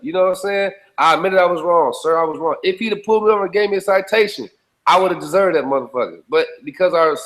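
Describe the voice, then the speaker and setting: A man with a somewhat high-pitched voice talks in a loose, conversational interview. He is blunt and profane, pressing his points hard and often turning to his listener to check they are with him. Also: a bit bright, rough recording. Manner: blunt, profane, emphatic street talk; repeats checking phrases to the listener. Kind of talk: casual conversation.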